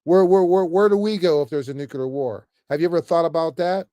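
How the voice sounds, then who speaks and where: Man, fairly high voice, heated rant, stammers and repeats, dry close sound. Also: brisk, mellow, dry recording. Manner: emphatic, repetitive, frequent stammers and "man" tags. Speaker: political commentator vlogger. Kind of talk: off-the-cuff political rant.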